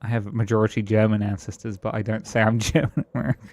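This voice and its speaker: A man's voice: on the low side, level tone, quick pace, a little mellow, no echo. A British man streaming a game and musing aloud in casual chat, with frequent chuckles and restarted sentences. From Britain.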